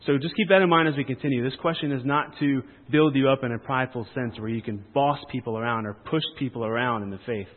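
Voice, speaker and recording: A man's voice: mid-range voice, fast talker, hardly any pauses. A man preaching a conversational sermon at a family camp, with rambling, playful asides to the crowd. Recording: tinny phone-like sound with long hall reverb.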